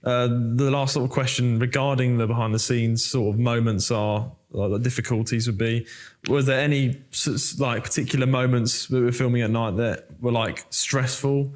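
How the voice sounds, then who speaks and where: A young man, an actor hosting a chat and telling lively set stories. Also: mid-range voice, normal speed. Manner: animated storyteller, many fillers. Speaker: actor and host. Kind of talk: casual interview chat.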